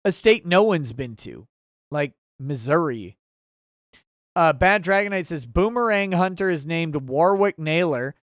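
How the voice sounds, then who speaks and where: A man's voice: fairly high pitch, expressive, a little slow, dry recording, studio quality. A man hosting a casual livestream talk show and reading viewer messages aloud with sarcasm and mock outrage.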